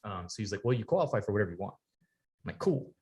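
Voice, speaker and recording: A man with a lowish voice tells his story at a fast clip, slipping into the voices of the people in it and swearing freely. He is a guest in a podcast studio, chatting casually. He is in his forties. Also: sing-song, darkish tone. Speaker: podcast guest, retired Navy sailor.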